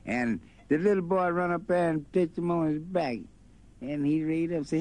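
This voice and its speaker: A man telling a folk story in a relaxed, rambling way. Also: mid-range voice, moderate pace. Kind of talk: folk storytelling over guitar. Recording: faint guitar behind voice.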